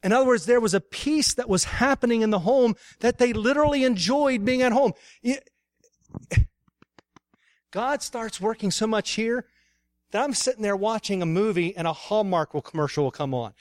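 Emotional man preaching, high voice. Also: moderate pace, no echo. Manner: emotional, animated storytelling with laughs and prayer. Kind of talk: sermon.

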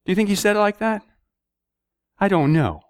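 A man preaching a sermon, telling stories and acting out prayers and dialogue with sudden rises in pitch. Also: animated, normal speed, clean tone, dry recording, studio quality.

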